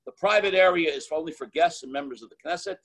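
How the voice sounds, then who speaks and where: Middle-aged male rabbi, husky, higher-pitched storyteller, lively anecdotes. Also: quick pace, rough recording. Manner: animated anecdotes with quoted dialogue and filler restarts. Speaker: Chabad rabbi and author. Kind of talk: storytelling talk.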